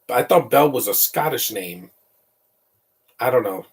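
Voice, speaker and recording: A husky-voiced man talking over a film at a mid-range pitch, loose and opinionated, stumbling on repeated words as he goes. He sits a little back from the mic, so his voice sounds slightly distant. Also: expressive, a little slow. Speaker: movie commentator. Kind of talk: casual live film commentary.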